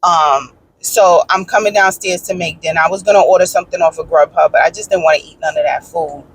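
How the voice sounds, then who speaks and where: A woman in her thirties, talking casually to her viewers from inside a car, animated and frank with swearing, swinging from exasperated rants to easy storytelling. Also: on the low side, fast, husky, rough recording. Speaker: vlogger.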